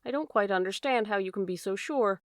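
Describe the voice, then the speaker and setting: A woman voicing a shrewd, measured male detective in an audiobook. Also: medium pitch, no room sound, studio quality, close to an everyday voice. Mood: calm. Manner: measured, courteous, quietly strategic. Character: cool, shrewd male detective, polite and probing.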